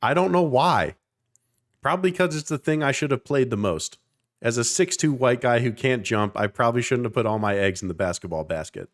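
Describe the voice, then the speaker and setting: Speaking a little fast with a mid-range voice and lively intonation, this thirty-something man from South Jersey near Philadelphia co-hosts a podcast. He rambles passionately in casual conversation, now and then swearing to stress a point.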